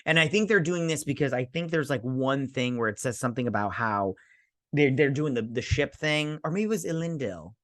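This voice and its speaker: A man's voice: medium pitch, lively intonation, brisk, fairly bright tone, no echo, studio quality. Rambling, sarcastic male reviewer. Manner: rambling, sarcastic, acts out characters. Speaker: show host reviewing a TV episode. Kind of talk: casual review.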